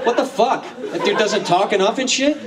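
A man's voice: high voice, moderate pace, over a noisy crowd, very noisy. A man answering fan questions on a convention panel, laughing often and swearing freely as he tells stories. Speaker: voice actor guest at a convention panel. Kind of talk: casual convention Q&A, profane and joking. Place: large convention hall with audience. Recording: distant mic in crowded hall.

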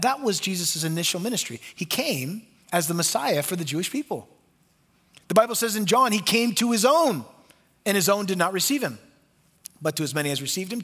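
A man preaching a sermon as pastor, passionate, moving from loud pleading to hushed tones and acting out quoted voices. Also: high-pitched, husky, big-room sound. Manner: acts out quoted voices in conversational asides. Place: church sanctuary.

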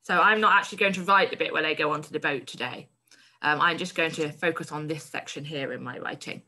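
A woman's voice: sits low, fast talker, pushed and bright. A woman primary school teacher giving a recorded online lesson, reading a story aloud and encouragingly explaining its word choices.

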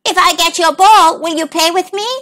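A woman's voice: very high-pitched, steady tone, normal speed, a bit bright, voice pushed up. A woman voicing a friendly, eager little male frog in a storybook, asking politely and pleadingly.

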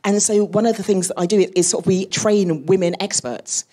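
Husky fast-talking woman scientist. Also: mid-range voice. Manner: animated, laughing, storytelling. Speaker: space scientist guest. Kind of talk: live podcast panel talk. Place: live audience at a museum event.

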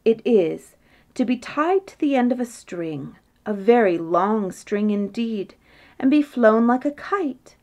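A giddy, eager young princess from a storybook, begging for her whim in drawn-out, wheedling pleas, as a woman reads her aloud. Her voice sits a touch higher than the surrounding narration and lingers on its words. It is an easygoing storybook reading rather than a full performance. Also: expressive, a little mellow.

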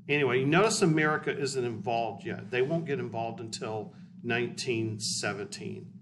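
A man's voice: medium pitch, a bit bright. A male history teacher giving a casual, blunt, conversational lecture in a classroom. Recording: distant mic with faint hiss.

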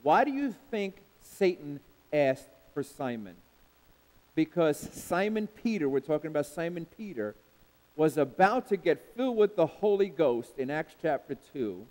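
Animated high-voiced preaching man. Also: a little slow. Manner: emphatic preaching with repeated refrains; calls for responses from the congregation. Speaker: pastor. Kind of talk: sermon. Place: church sanctuary. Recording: long hall reverb in a church.

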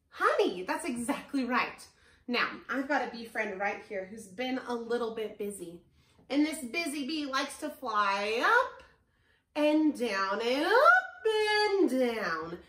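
Woman music teacher for young kids; gentle and animated, high pitch, slow pace, echoey room at home. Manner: gentle and animated, asks children questions. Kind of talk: children's music lesson and story reading.

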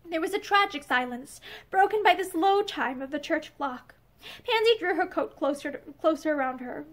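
A woman reading a novel aloud, gentle and expressive, with some passages dropped to a soft whisper. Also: very high voice, normal speed. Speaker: audiobook reader. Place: room with bookshelves. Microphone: camera facing her.

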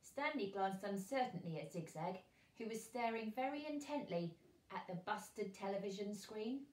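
A woman teacher reads a children's chapter book aloud with expressive, animated narration. Her voice sits at a middle pitch and sounds a little roomy, as if recorded in an echoey space at home. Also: moderate pace. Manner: expressive reading, lively character voices. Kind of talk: storybook read-aloud for children.

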